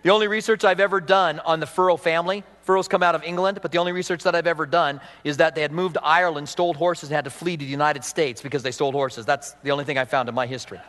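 A man preaching a sermon as pastor, animated with humorous asides, then leading a prayer. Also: fairly high pitch, very fast, hardly any pauses. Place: church sanctuary. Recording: reverberant church hall.

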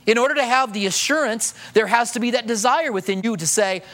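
A pastor preaching a sermon in a church, talking in a conversational way with rhetorical questions and dropping to a soft hush when he voices prayers. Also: very high-pitched, a little fast.

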